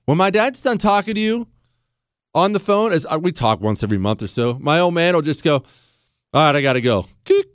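A man's voice: sits high, expressive, no echo, studio quality. A man in his forties hosting a talk radio show, brash and sarcastic, swinging his voice up and down as he mocks callers and riffs. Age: 40s. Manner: sarcastic, brash, fast-shifting, mock-acts callers.

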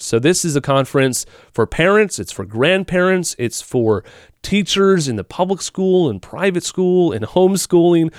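A man's voice: medium pitch, no room sound, clean studio sound. A man hosting a Christian radio program, reading announcements in a casual, conversational way. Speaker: radio host.

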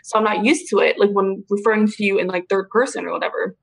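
Animated young woman telling a story. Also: mid-range voice, fast talker, gravelly, poor audio. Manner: animated storyteller, swears freely, says dude and bro. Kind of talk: casual chat.

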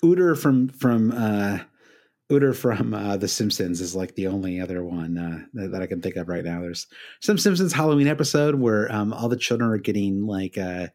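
A man's voice: lowish voice, lively intonation, normal speed, darkish tone. A man from the United States co-hosting a sports podcast, chatting casually with lots of fillers and self-deprecating asides. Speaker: podcast co-host.

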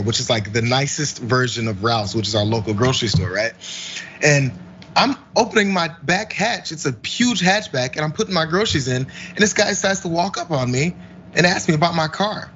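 A man's voice: a little high, a little fast, muffled recording, a little hiss or hum. A man co-hosting a podcast, telling a story in casual chat and acting out the lines of the people in it. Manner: animated, acts out dialogue, laughs while telling stories. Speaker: podcast co-host.

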